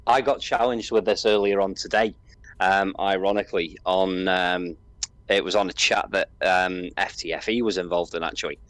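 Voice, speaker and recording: A man with a Scouse accent, a guest in a casual online discussion, talking in a measured way. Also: deep voice, steady tone, a bit bright, no echo. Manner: measured, hesitant with fillers.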